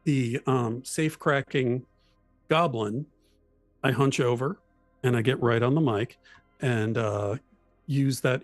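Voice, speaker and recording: A man in casual chat about tabletop role-playing, animated, explaining and acting out voices. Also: mid-range voice, slow pace, long pauses, dry recording, soft background music.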